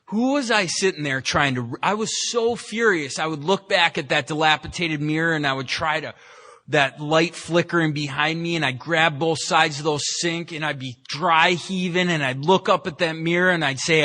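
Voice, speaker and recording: This San Francisco man shares a frank, self-deprecating recovery story at an AA meeting, backing up and starting over many times. He talks at a moderate pace with a sharp tone and a pitch on the high side, speaking from a meeting room.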